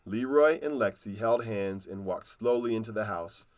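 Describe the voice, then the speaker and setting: A man reading a children's storybook aloud in a calm, unhurried way. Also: fairly low pitch.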